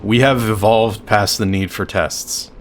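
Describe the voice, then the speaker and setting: A man's voice: lowish voice, fairly even intonation, unhurried, slight background noise. A man casually commenting on his own gameplay, joking, swearing and talking back to the game. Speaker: streamer.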